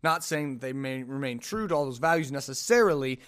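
A man hosting a casual podcast, speaking in an animated, incredulous way and asking lots of rhetorical questions. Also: mid-range voice, fairly quick, clear, resonant tone. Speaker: podcast host. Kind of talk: casual solo podcast chat.

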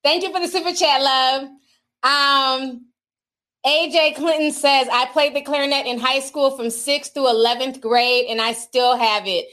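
A woman's voice: high voice, steady tone, unhurried, bright, forceful tone. A woman hosting a casual livestream, chatting and reading out viewer super chats, laughing often.

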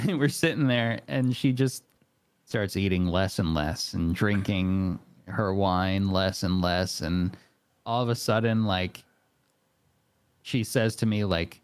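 A man's voice: deep voice, takes it slowly, clear, resonant tone, no room sound. Laughing man telling a story. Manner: animated, laughing often, many fillers. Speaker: podcast guest. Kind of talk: casual storytelling.

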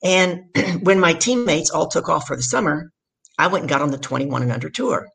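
A middle-aged woman from the States, telling her story as a guest in an energetic, emphatic way. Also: sits low, brisk, creaky, slightly rough. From southern United States. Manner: energetic, emphatic storyteller who acts out quotes. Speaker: guest, business speaker. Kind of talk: storytelling in a conversation.

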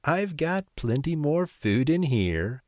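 Shrill cackling storybook witch, old and wicked, played by a male narrator, dry close sound. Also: big pitch swings, slow pace, darkish tone, no room sound. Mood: sweetly coaxing. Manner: shrill, screeching. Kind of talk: storybook reading.

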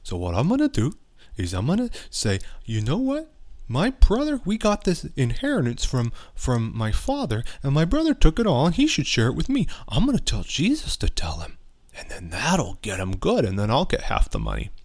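A man's voice: medium pitch, wildly swooping pitch, moderate pace, darkish tone. A man voicing a scheming, pushy man from a crowd, talking eagerly in a put-on accent.

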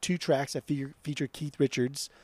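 A man's voice: mid-range voice, fairly even intonation, moderate pace, a little mellow, slightly rough, dry recording. A young man co-hosting a casual chat, blunt and profane, often repeating words as he starts a sentence. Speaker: podcast co-host.

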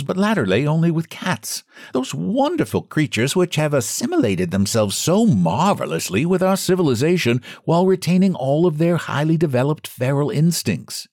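A man's voice: fairly high pitch, a little mellow, no echo, clean studio sound, voice pushed up. A man reading a storybook, voicing a proud scientist who explains things patiently in a precise, lecturing way.

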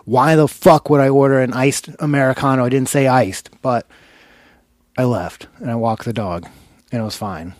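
A man rants through a story on a comedy podcast, swearing freely and circling back on his complaints. His voice sits at a middling pitch and is recorded close and dry, with no room around it. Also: moderate pace, darkish tone, no room sound. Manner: profane, ranting, storytelling. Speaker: podcast co-host. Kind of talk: casual comedic chat.

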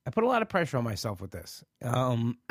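A man's voice: mid-range voice, very animated, normal speed, slightly rough, no echo. Guy on a live podcast venting, rambly and frustrated, dry sound, mid voice. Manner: frustrated, rambling, repeats himself. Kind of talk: emotional live talk.

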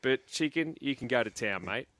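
An Australian man hosts a sports radio show in a mid-pitched voice. He reads listener texts briskly and chats easily. The sound is dry and close. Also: animated, fairly bright tone, no room sound. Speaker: radio host.

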